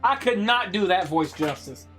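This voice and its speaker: A woman's voice: mid-range voice, animated, normal speed, over music. A woman streamer narrating a game casually, reading its text aloud with muttered asides.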